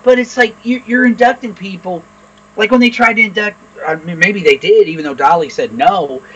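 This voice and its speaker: A man's voice: high voice, normal speed, fairly bright tone, breathy edge, muffled recording. A man co-hosting a podcast in casual chat, blunt and opinionated, swearing freely. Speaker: podcast co-host.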